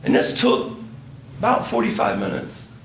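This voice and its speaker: Man, workshop speaker, gravelly, lively pitch, distant echoey room recording with noise. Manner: slow, drops to soft near-whispers when leading a prayer. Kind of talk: conference workshop talk. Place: conference room.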